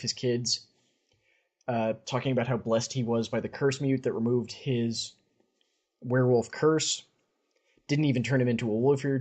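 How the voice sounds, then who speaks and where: A man's voice: medium pitch, a little mellow. A man casually retelling a fantasy story on a podcast, chatty and wry. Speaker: podcast co-host.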